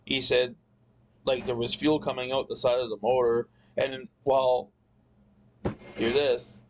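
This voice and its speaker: A man's voice: medium pitch, little pitch movement, unhurried, a little hiss or hum, poor audio. A man telling a long story in a casual chat, rambling and cursing, often restarting his sentences. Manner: rambling, profane, frequent restarts. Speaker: podcast guest.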